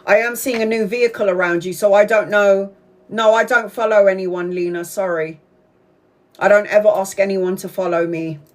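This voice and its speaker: A woman doing a casual live-stream tarot reading, chatty and excitable, swearing freely and calling her viewers sweetheart. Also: mid-range voice, normal speed. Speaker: tarot reader.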